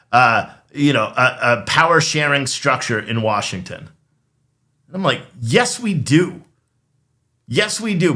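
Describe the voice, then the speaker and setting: Male host, rambling sarcastic rant, bright forceful voice, sits a bit high. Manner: rambling, sarcastic, frequent laughs and restarts. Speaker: political commentary host. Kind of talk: casual political rant. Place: studio.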